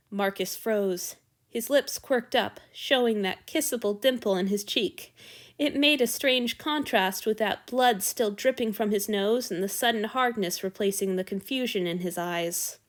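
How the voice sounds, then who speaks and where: A woman narrating a fan fiction story aloud in a steady, expressive reading. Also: medium pitch, measured pace.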